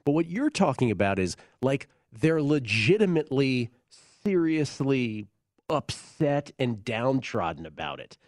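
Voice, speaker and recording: A man hosting a sports betting talk show, chatting casually in the studio with a quick, animated delivery and frequent laughs. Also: mid-range voice, dry recording. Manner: lively, quick, laughs often.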